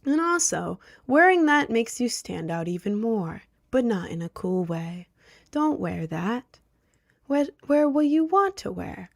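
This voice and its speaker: A woman's voice: on the high side, gravelly. A young woman streamer in casual chat, rambling, jokey and self-mocking.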